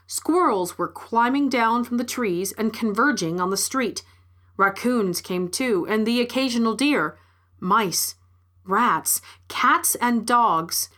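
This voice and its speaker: A woman's voice: medium pitch, fairly bright tone. A woman reading a first-person story aloud in a wry, scripted narration.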